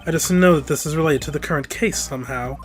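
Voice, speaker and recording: A game player voicing a stern, formal male prosecutor in a put-on British accent, reading game dialogue with soft music behind. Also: mid-range voice, lightly acted. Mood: composed. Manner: measured, formal, deliberate delivery. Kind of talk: let's-play voice acting of game text.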